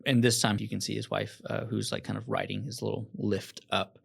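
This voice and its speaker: Gravelly-voiced man narrating a game. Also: lowish voice, little pitch movement, normal speed. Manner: casual, with fillers. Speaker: game master.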